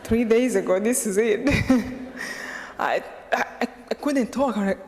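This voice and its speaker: Laughing often, a Rwandan woman speaks as a guest to a live audience, telling her story lively and acting out both sides of a conversation. Her middle-pitched voice has vocal fry and a measured pace, trailing into a lecture hall's long reverb.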